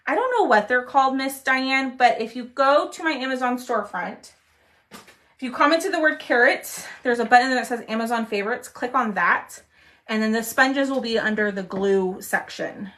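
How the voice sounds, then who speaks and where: Woman, craft livestream host, chatty, talks to viewers, trails off when focused, crisp bright tone. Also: on the high side, moderate pace. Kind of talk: casual craft livestream chat.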